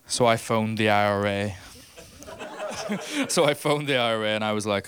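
A man's voice: on the low side, normal speed, noisy background. A man with a Northern Irish accent doing a stand-up comedy set, punchy and teasing the audience. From Northern Ireland.

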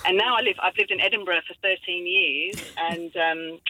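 A woman's voice: lowish voice, steady tone, normal speed, sharp tone, rough recording. A middle-aged woman from southeast London whose accent mixes Australian and English, calling in and telling a story chattily with many ums. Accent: mix of Australian and English. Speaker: caller. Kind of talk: casual phone-in chat.

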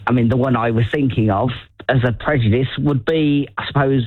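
A man's voice: mid-range voice, dry recording, phone-quality sound. A man with a Brummie accent in a casual chat, talking hesitantly and often repeating himself. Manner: hesitant, halting, repeats words. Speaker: conversation partner.

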